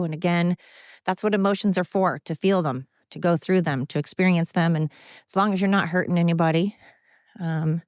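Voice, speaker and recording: A woman's voice: lowish voice, darkish tone, dry recording, highs cut off. A tired woman hosting her podcast at home, talking in a rambling, candid monologue. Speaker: podcast host. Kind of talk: casual personal monologue. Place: at home with pets.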